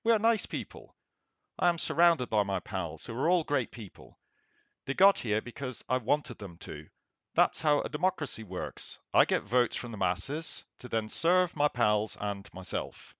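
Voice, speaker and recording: A man's voice: mid-range voice, very animated, measured pace, fairly bright tone, no room sound. A man doing a satirical impression of a boastful, blustering president who praises himself over and over in simple words. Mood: smug, boastful. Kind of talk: satirical letter read in character. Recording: dull lo-fi dry recording.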